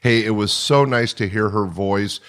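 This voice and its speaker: A man's voice: lowish voice, moderate pace, fairly bright tone. A man, the host, wrapping up a podcast episode and thanking listeners. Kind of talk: podcast outro.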